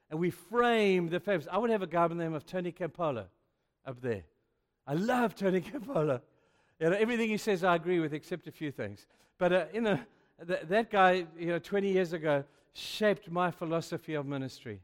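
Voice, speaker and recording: A man's voice: high voice, animated, fairly quick. Male preacher, chatty and emphatic sermon delivery, long hall echo. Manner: emphatic and chatty, keeps saying "you know". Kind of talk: youth sermon. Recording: echoey hall.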